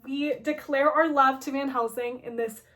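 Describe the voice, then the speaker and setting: A woman's voice: high-pitched, steady tone, moderate pace, bright, forceful tone. A young woman casually recapping a story, chatty, with "like" in nearly every sentence. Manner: chatty, filler-heavy with constant "like".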